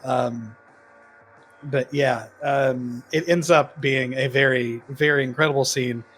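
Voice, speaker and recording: A man's voice: medium pitch, steady tone, slow, fairly bright tone, husky, faint music behind. A man co-hosting a podcast, casually retelling a horror film plot with lots of ums and laughs. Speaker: podcast co-host. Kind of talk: casual film-review chat.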